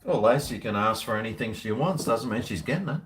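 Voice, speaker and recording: A man's voice: mid-range voice, expressive, brisk, a bit bright, slight background noise. A man chats with his viewers on a live stream in a loose, jokey way. His mid-range voice swings up and down a lot as he banters. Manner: cheeky, jokey, slangy banter. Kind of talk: casual live chat with viewers.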